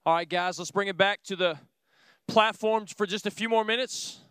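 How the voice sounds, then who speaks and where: A man preaches with earnest emphasis, firing rhetorical questions at his listeners. His voice sits high for a man and rings bright and smooth. The sound is dry and close. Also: normal speed, no room sound. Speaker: pastor. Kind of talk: sermon to a small group.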